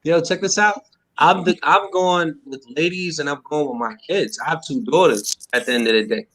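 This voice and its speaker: A man co-hosting a casual group podcast chat, animated and slangy, laughing and cutting in on the others. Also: a little high, moderate pace, low-quality recording. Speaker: podcast co-host.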